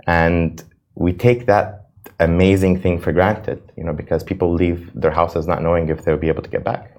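Very deep-voiced earnest man. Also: flat delivery, moderate pace, a little mellow. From United States. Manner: earnest, emotional, repeats words. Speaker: reality show cast member, guest. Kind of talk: interview answers.

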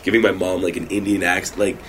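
A man's voice: low voice, level tone, fast, fairly bright tone, a little hiss or hum. A man guesting on a podcast, talking casually with many fillers and restarts. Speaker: guest comedian.

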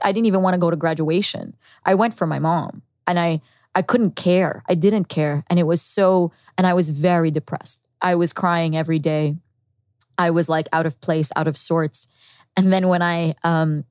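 A woman's voice: fairly low pitch, a little mellow, no room sound. Earnest woman telling her life story. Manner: earnest and reflective, with quoted inner thoughts. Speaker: podcast guest. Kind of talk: candid personal storytelling.

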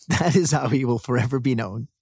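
A man's voice: medium pitch, normal speed, darkish tone, breathy edge, no echo, studio quality. A man co-hosting a podcast in casual comedic debate, arguing in a mock-outraged way and laughing often. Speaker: podcast co-host.

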